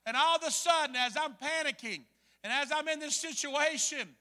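A man preaching a sermon, telling a story with dramatic swings between hushed and loud delivery. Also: extremely high pitch, moderate pace, big-room sound. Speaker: pastor.

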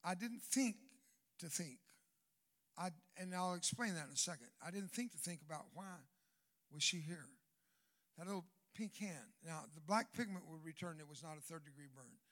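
An older man with a Southern American accent preaching a storytelling sermon as a guest speaker, swinging from hushed, quiet passages to loud bursts and joking asides. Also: on the high side, lively intonation, moderate pace. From Southern United States.

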